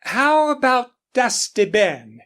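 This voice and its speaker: A woman's voice: on the high side, sing-song, takes it slowly, fairly bright tone, voice pushed up, heavily acted. A woman voicing a playful, coaxing eighteen-year-old ranch girl who loves horses, in an audiobook character voice.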